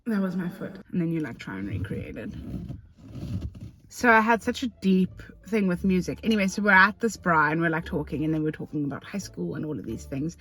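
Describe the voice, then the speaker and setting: A young South African woman talking to camera from her car, telling a story in an excitable, chatty way with lots of slang and fillers. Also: on the low side, brisk, a little hiss or hum. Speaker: vlogger. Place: parked car.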